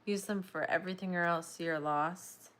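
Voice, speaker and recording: Lady crocheting on a live stream, kinda low voice, yawny and chatty, keeps saying sorry. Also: fairly even intonation, moderate pace, a bit bright. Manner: chatty, rambling, apologetic. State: yawning, sleepy. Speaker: crochet livestream host. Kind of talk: casual livestream chat while crocheting.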